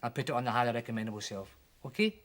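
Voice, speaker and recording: A children's TV presenter reading a comic poem aloud for children with animated, dramatic delivery. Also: mid-range voice, very fast. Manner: animated, with voices for the characters.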